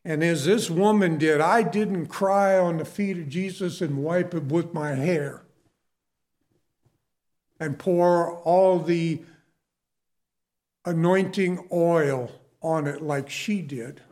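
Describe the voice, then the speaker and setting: A man's voice: a little high, slow pace, pauses often, darkish tone. A middle-aged man preaching a sermon, telling his own story in a conversational way and asking the listeners questions.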